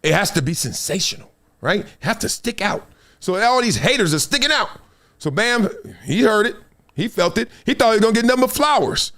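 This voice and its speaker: A middle-aged man hosts a live sports talk stream, giving animated commentary straight to his viewers with plenty of emphasis and acting out other people's lines along the way. His voice is high-pitched, sing-song, fairly quick and fairly bright.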